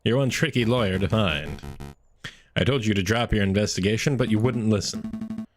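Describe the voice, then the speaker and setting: Dude reading a low cold killer guy, slow and taunting, faint music behind. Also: close to an everyday voice. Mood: menacing. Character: menacing shadowy male assassin, cold and threatening.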